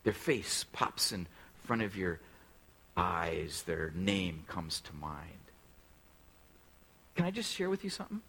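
A man's voice: low-pitched, big pitch swings, takes it slowly, long pauses, fairly bright tone, a little hiss or hum, rough recording. A male pastor preaching a sermon in a conversational way, often putting direct questions to the congregation.

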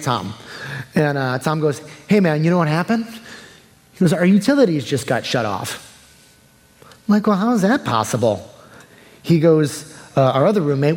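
A man's voice: on the high side, darkish tone, in a large hall. A young adult man preaching a sermon in a conversational way, acting out the people he quotes. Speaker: pastor.

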